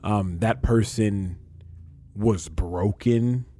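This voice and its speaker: A man's voice: lowish voice, very slow, mellow. A man in his thirties, a podcast guest talking earnestly and reflectively, often repeating phrases as he works through feelings. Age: 30s. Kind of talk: emotional casual conversation.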